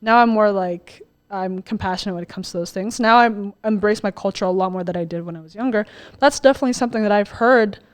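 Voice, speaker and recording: A woman's voice: mid-range voice, fast. A young woman co-hosting a podcast, telling a personal story in casual chat with many filler words. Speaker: podcast co-host.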